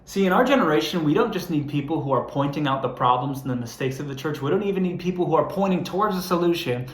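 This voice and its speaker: A man's voice: fairly high pitch, lively intonation, quick pace, reverberant. A young adult man preaching a sermon, telling a self-deprecating story in a conversational way before turning earnest. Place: church hall.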